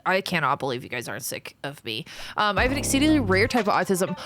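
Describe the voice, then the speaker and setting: A young woman streamer chatting casually with her viewers, thanking supporters and answering chat with animated exclamations. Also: fairly low pitch, fast, hardly any pauses, over music.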